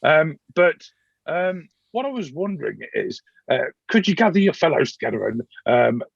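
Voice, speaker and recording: A man voicing a fawning, stammering male envoy of a noble lady, fussy and flattering. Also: a little high, moderate pace, vocal fry, slightly rough, no room sound, pitched above the performer's own voice, full character voice. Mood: flustered. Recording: dull dry recording.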